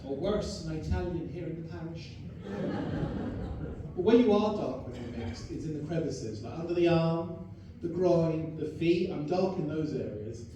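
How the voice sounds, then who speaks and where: A young man from London with a London accent doing a stand-up set, quick, playful and self-mocking. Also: fairly high pitch, lively intonation, noisy background. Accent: London English. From London, England. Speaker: stand-up comedian. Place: live comedy club stage. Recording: echoey room from a distance, crowd ambience.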